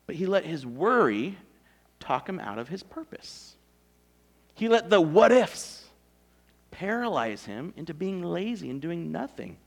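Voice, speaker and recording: Animated, high-voiced male preacher. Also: gravelly, husky. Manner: conversational, animated storytelling with asides. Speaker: pastor. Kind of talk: sermon.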